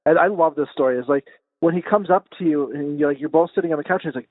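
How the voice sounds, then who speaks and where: A man's voice: fairly high pitch, racing, no room sound. A man in his thirties co-hosting a podcast, fondly recalling and teasing friends in casual chat. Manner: amused reminiscing, teasing. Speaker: podcast co-host. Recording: dry tinny phone-like sound.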